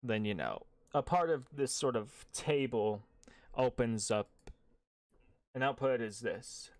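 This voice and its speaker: Brief: thirtysomething male game master, animated delivery, relaxed and wry. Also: mid-range voice, takes it slowly, no echo, studio quality. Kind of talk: narrating a tabletop game.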